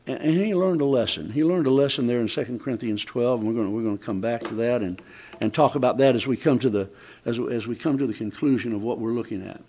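A man preaching a conversational sermon, often restarting his sentences and swinging between loud emphatic lines and quiet asides. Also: medium pitch, fast talker.

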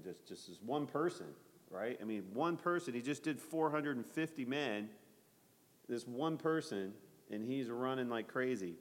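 A man's voice: medium pitch, animated, normal speed, big-room sound. A man leading a Bible study, talking conversationally and asking his group questions.

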